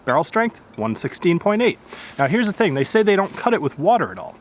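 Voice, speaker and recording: A man's voice: sits high, very animated, fairly quick, slight background noise. A man casually reviewing a whiskey outdoors, chatty and correcting himself as he goes. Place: outdoors in nature.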